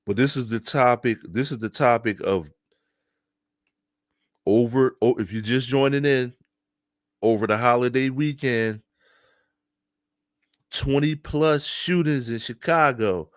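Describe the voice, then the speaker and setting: A man from Philadelphia giving casual, animated opinion commentary to his viewers, laughing often and talking straight to them. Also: medium pitch, measured pace, pauses often, dry recording, clean studio sound. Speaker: news commentary streamer.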